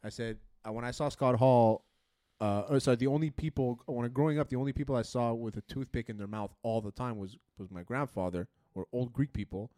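Fast-talking man in casual sports chat. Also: medium pitch, dark tone, no room sound, clean studio sound.

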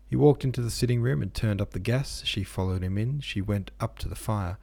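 Man reading a classic novel, low gravelly voice, dark tone. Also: fairly quick, few pauses, no echo. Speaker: audiobook narrator. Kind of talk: literary audiobook reading.

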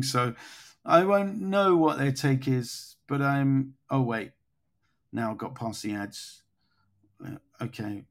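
A man hosting a casual football podcast, thinking aloud with frequent fillers and restarts as he goes through transfer news. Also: mid-range voice. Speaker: podcast host.

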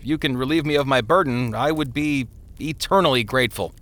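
A man's voice: medium pitch, brisk, fairly bright tone, lightly acted. A man voicing a weary, burdened young husband who speaks heavily and glumly. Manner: heavy, glum.

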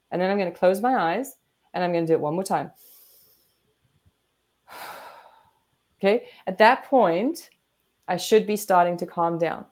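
An animated woman therapist walks listeners through calming techniques on a podcast. Her voice sits fairly low for a woman, and she brings each step to life by acting it out. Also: fairly quick. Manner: animated, demonstrates breathing and acts out inner voices. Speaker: guest therapist. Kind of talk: explaining coping techniques on a podcast.

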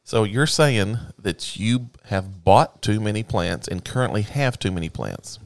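A man's voice: fairly low pitch, lively intonation, a little slow, vocal fry, no echo. A man with a Southern US accent, co-hosting a plant channel, chatting casually and teasing with a laugh. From American South. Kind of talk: casual chat.

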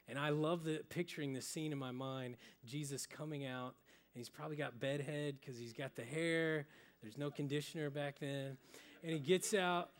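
A young adult male pastor preaching a sermon, telling stories and dropping to a soft, hushed voice for emphasis. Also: medium pitch. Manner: storytelling, with sudden drops to soft, hushed emphasis.

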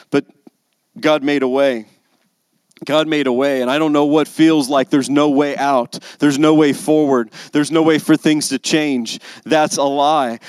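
A man's voice: medium pitch, clear, resonant tone, no echo. A man preaching a sermon as pastor, building to emphatic, intense passages. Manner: rising to emphatic intensity on key lines.

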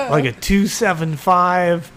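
Bright-voiced profane man telling stories. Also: a little high, animated, a little slow. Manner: profane, laughing storyteller. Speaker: podcast co-host. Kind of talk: crude casual chat.

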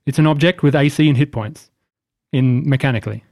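A man running a tabletop game as game master, calling rules and narrating scenes in measured description. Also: mid-range voice, darkish tone, dry recording, studio quality.

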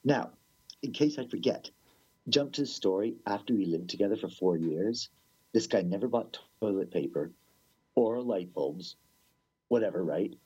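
A man with a low, husky voice spins a rambling, animated story, swearing freely and acting out the people in it. The sound is dry and dull, like a lo-fi recording. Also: moderate pace, dry recording. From Canada. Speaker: musician guest. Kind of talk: casual storytelling interview.

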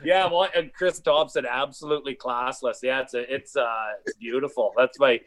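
A man's voice: medium pitch, moderate pace. A man with a wife and kids, guest on a podcast, telling stories in loose, profane, rambling casual chat. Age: adult with a wife and kids. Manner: profane, rambling, animated storyteller.

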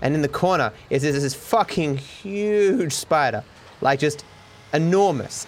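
A man's voice: a little high, lively intonation, a little slow, slight background noise. Candid young man rambling. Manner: candid, self-deprecating, swears freely. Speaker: streamer. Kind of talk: casual rambling monologue.

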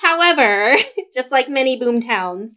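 A woman's voice: sits high, lively intonation, unhurried, fairly bright tone, smooth, poor audio. A woman co-hosting a podcast, telling a local history story in casual chat, with many fillers and frequent laughs. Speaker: podcast co-host.

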